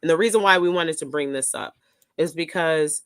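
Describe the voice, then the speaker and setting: A woman's voice: low voice, moderate pace, no room sound. Profane, ranting woman podcast host, sick. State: sick, coughing. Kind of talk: casual podcast chat.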